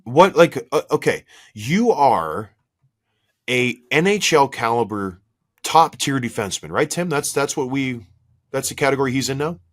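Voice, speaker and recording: A hoarse man co-hosts a hockey podcast and tears into a defensive play, asking question after question in exasperation. His pitch swings widely as he gets worked up. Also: expressive, normal speed. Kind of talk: heated sports analysis chat.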